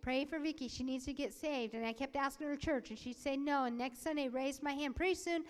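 A woman's voice: high-pitched, fairly quick. A woman voicing a preacher's sermon and personal testimony, telling the story with animation, acting out the quoted voices and sometimes dropping to a whisper. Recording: long hall reverb.

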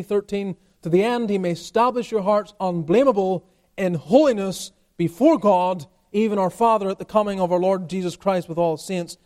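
A man's voice: high-pitched, a little mellow. A man preaching an expository sermon as pastor in a church, with emphatic rising and falling intensity.

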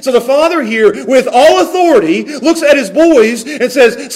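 A man preaching a sermon, animated, laughing often and repeating words as he goes. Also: very high-pitched, unhurried, hardly any pauses. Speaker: pastor.

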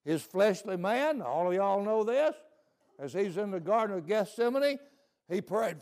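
A man's voice: sits high, big pitch swings, unhurried, darkish tone. A male preacher delivering a folksy sermon, often asking "See?".

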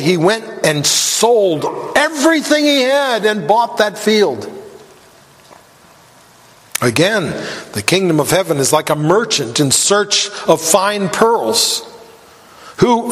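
This high, fairly bright male voice delivers a sermon slowly and with care over every phrase. When he quotes scripture his voice lifts and grows more emphatic, echoing with long reverb as in a hall.

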